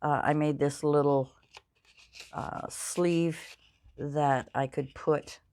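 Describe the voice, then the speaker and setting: Slow and steady in tone, an older crafting-channel host chats casually as she makes things, rambling, self-deprecating and full of fillers. Her voice sits low with a darkish quality.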